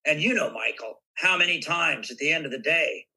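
An older man from Southern California tells stories as a podcast guest, lively and given to acting out bits of dialogue. His voice is very bright and forward, with a husky edge. He sits a little above the usual male pitch. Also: a little fast, poor audio. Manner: animated anecdotes with acted-out voices. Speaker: guest actor. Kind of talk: podcast interview storytelling.

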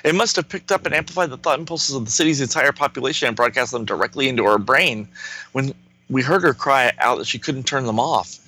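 A man voicing a young male shapeshifter hero from a comic, explaining in a brisk tone. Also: mid-range voice, sharp tone.

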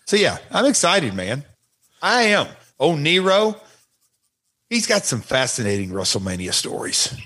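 An older man with a Southern accent, co-hosting a casual wrestling podcast, rambling and jokey in a gruff way. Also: a little high, wildly swooping pitch, measured pace, sharp tone.

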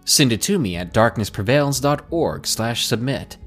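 A man narrating scary first-person stories in a dramatic, expressive podcast style. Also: medium pitch, normal speed, faint music behind. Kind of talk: scripted horror story narration.

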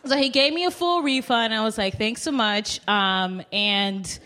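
A woman co-hosting a comedy podcast, telling a story and reacting with loud laughs and exclamations. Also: a little high, measured pace. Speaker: podcast co-host.

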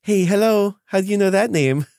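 A man's voice: on the high side, normal speed, dry recording, studio quality, voice pushed up. A man doing a breezy ghostly woman guide. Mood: teasing. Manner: breezy, teasing, lively.

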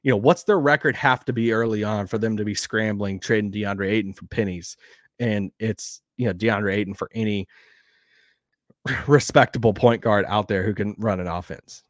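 A man with a Southern accent hosting a sports podcast, rambling and animated, laughing now and then. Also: on the low side, moderate pace, no room sound, studio quality. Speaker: podcast host. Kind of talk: casual sports talk.

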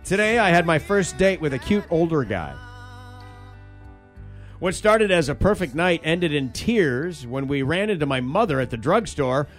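High, lively male host reading stories. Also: normal speed, faint music behind. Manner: reads with comic emphasis, then banters. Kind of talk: casual group chat, reading short stories aloud.

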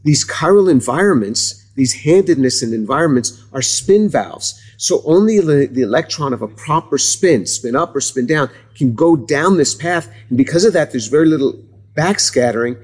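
A man with a slightly husky voice talks through cell chemistry in an interview. He speaks haltingly, repeating words and restarting sentences as he explains. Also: a little high, expressive, darkish tone. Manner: hesitant, many restarts, explanatory. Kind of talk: conversational interview.

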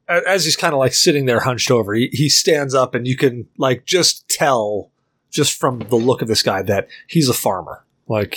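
A man's voice: medium pitch, fairly bright tone. A young man narrating a tabletop game as game master, rambling with lots of fillers and laughter.

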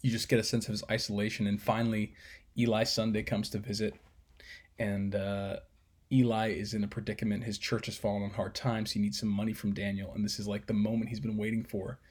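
A man's voice: fairly low pitch, level tone, brisk, darkish tone, breathy edge. A man casually breaking down a film scene, rambling with fillers and swearing.

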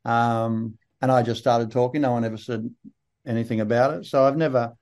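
An older man with a broad Australian accent, telling relaxed, rambling anecdotes with dry humour as an interview guest. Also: medium pitch, a little fast. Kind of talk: casual interview storytelling.

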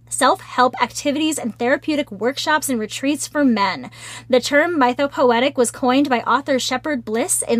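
Woman, podcast co-host, earnest, reads from notes, higher pitch, dry room. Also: dry recording. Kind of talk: casual podcast discussion.

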